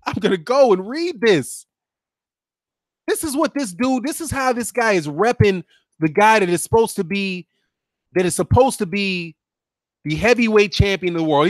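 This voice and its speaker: A man's voice: high-pitched, no room sound, clean studio sound. A man hosting a boxing commentary channel, mocking and sarcastic, laughing often as he reacts.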